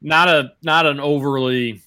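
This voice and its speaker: A man's voice: on the high side, steady tone, unhurried, pushed and bright, smooth. A man co-hosting a casual sports podcast, wry and opinionated, rambling through his points. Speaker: podcast co-host.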